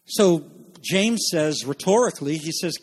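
A man preaching an expository sermon as pastor, stammering and restarting at times and climbing to emphatic shouts. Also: fairly high pitch, expressive, unhurried, slightly rough. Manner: rises to emphatic shouting, then drops back to teaching; frequent restarts and filler stammers.

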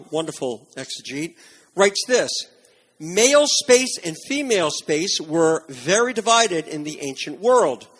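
A man preaching a sermon, earnest and emphatic, dropping into softer reflective passages. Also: high-pitched, breathy edge. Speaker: pastor.

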